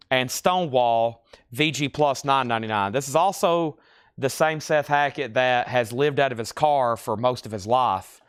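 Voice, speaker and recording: Smooth-voiced man running a record sale. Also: a little high, a bit bright, dry recording, studio quality. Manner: chatty, rattles off titles and prices between side stories. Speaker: host of a live record sale. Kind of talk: live sale patter.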